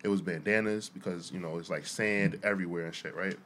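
Man, young adult, lowish voice, casual storytelling, animated, laughs a lot. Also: fairly quick, a little hiss or hum. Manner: animated storyteller, laughs through punchlines, many fillers. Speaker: podcast co-host.

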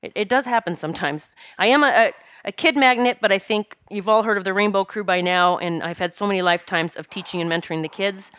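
A woman's voice: medium pitch, fast talker, hardly any pauses, fairly bright tone, clean tone, no room sound, clean studio sound. A woman, a spiritual teacher and medium, telling a personal story earnestly and emotionally, often stopping and restarting her sentences.

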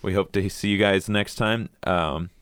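Deep-voiced laid-back man. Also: steady tone, unhurried, a bit bright, clean tone, dry recording, clean studio sound. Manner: laid-back, swears casually. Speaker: podcast co-host. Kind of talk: casual chat.

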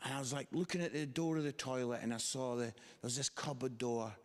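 A man preaching a sermon, telling a story with lively, animated delivery and quoted voices. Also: mid-range voice, fast. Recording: long hall reverb.

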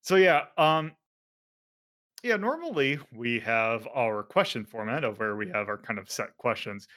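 A man's voice: medium pitch, lively intonation, unhurried, a bit bright. A man hosting a casual podcast, rambling with lots of fillers and self-corrections. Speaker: podcast host.

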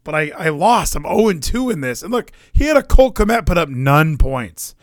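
A young man co-hosting a podcast talks about his football weekend in a slightly high voice at a moderate pace, recorded with studio quality and no room sound. He's animated and casual, swearing, using frequent fillers, and restarting often.

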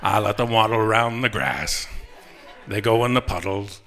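A man voicing a deep-voiced, unhurried older-sounding man who toys with a telemarketer in a slow, drawn-out, mock-earnest way. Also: crowd noise, close to an everyday voice.

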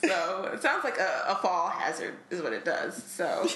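Bright-voiced chatty woman, echoey room. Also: fairly low pitch, big pitch swings, normal speed. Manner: chatty, laughs often, many fillers. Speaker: podcast co-host. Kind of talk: casual book chat.

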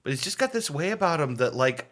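A man's voice: a little high, very animated, quick pace, a bit bright. A man co-hosting a podcast, chatting casually and rambling with lots of fillers and laughter. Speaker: podcast co-host. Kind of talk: casual chat.

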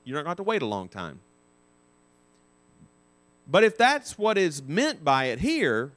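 Male Sunday school teacher, slightly high voice, explanatory, stops and restarts often. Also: fairly bright tone. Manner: explanatory, cites verses, frequent restarts. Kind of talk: Bible class teaching.

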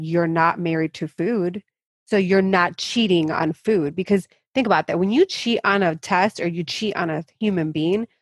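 A woman's voice: lowish voice, no echo. A woman who works as a fitness coach, talking candidly and emphatically as an interview guest. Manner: frank, emphatic, speaks in rushes.

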